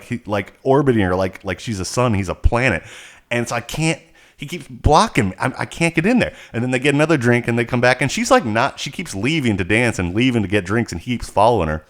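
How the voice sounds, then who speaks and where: A man co-hosting a podcast, telling a rambling, animated story in casual chat. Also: medium pitch. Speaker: podcast co-host.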